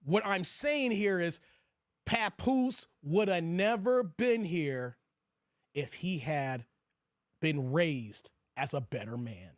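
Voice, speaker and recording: A man with a fairly high voice hosts a livestream and talks in a loud, animated, crude way, reacting to his chat as he goes. The sound is dry and close, with almost no room around it. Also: takes it slowly, no room sound. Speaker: host of a livestream commentary show. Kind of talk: casual commentary reading live chat.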